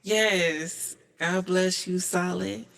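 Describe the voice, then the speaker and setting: A man's voice: sits high, fairly even intonation, drawn-out words, creaky, fairly bright tone. A man appearing as a musical guest, speaking in short, laid-back replies.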